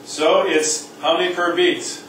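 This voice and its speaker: A man's voice: high-pitched, steady tone, a little slow, fairly bright tone, recorded from a distance, slight background noise. A man teaching a music class, joking with students and coaxing them to sing rhythms. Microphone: far from the mic. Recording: echoey room recorded from afar.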